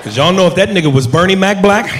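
A man's voice: sits high, lively intonation, fast talker, a bit bright. A man doing stand-up, talking straight to the crowd in a punchy way. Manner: punchy, addresses the crowd directly. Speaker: stand-up comedian. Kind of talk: stand-up routine. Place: comedy club stage. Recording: echoey live club with crowd and noise.

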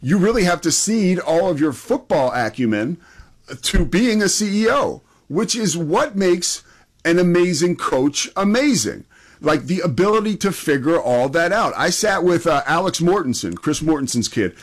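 Casting: enthusiastic sports talk host, slightly high voice with a lively lilt. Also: male voice, moderate pace. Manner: enthusiastic, conversational.

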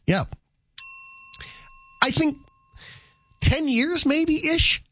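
A man hosts a call-in talk radio show, his voice sitting a little high for a man. He talks in a chatty, rambling way, full of fillers and restarts. The studio sound is dry and close. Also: no room sound.

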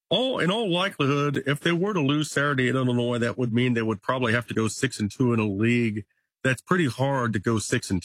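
A man's voice: medium pitch, dry recording. A man giving a casual, stat-heavy breakdown of a college football team as a guest reporter. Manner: stat-heavy, conversational, occasional restarts. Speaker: local sports reporter guest. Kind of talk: casual sports analysis.

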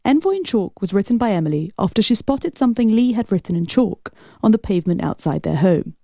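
Female news reporter, lower voice, warm tone, dry sound. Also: lively intonation, fairly quick, vocal fry, no echo.

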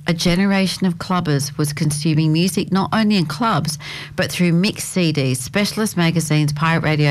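A woman co-hosting a radio show, reading scripted narration in a measured way. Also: low-pitched, poor audio. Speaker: radio co-host.

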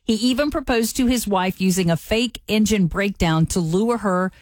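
A woman's voice: mid-range voice, normal speed, darkish tone, dry recording. A woman co-hosting a morning radio show who shares a light news story with plain enthusiasm. Her delivery is upbeat and close to the mic in a dry studio. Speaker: radio co-host.

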